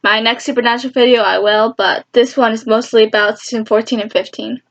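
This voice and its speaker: A young woman excitedly recapping a TV show in casual, rambling talk, getting emotional and squealing at moments. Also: a little high, brisk, lo-fi sound, a little hiss or hum. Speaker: fan vlogger.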